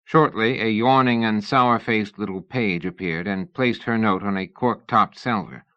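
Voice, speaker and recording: A man narrating a novel in a measured storytelling manner. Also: lowish voice, bright, forceful tone, highs cut off. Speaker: audiobook narrator. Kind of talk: scripted narration.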